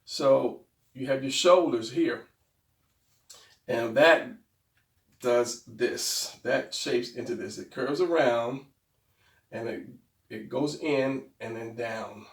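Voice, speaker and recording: A man's voice: medium pitch, slow pace, long pauses. A man teaching anatomy drawing in a casual, rambling way, thinking aloud as he sketches. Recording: roomy, mic far from speaker.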